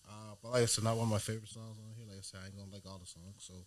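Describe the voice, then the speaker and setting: A man co-hosting a casual music review podcast, relaxed, often checking in with "you know what I mean?". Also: on the low side, rapid-fire. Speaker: podcast co-host.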